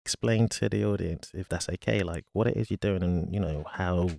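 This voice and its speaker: A man hosting a podcast, asking questions in a relaxed, casual way. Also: deep voice, brisk, creaky. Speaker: podcast host. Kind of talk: casual interview.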